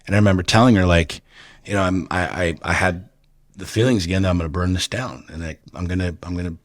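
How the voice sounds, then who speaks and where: A man's voice: low voice, steady tone, quick pace, no echo, studio quality. A man guest on a podcast telling personal stories bluntly, with lots of swearing and repeated words. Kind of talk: candid personal storytelling.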